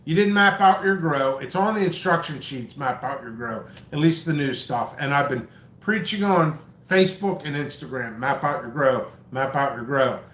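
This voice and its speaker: This seed-selling channel host has a mid-range, fairly bright voice and speaks at a normal pace. He rants at length in his vlog, stumbling over words in exasperation, amid an echoey room sound.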